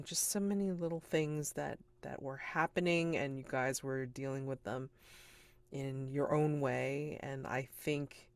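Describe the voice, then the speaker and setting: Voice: medium pitch, vocal fry, no echo. A game master wrapping up a tabletop role-playing session, talking in a rambling, enthusiastic way with many fillers.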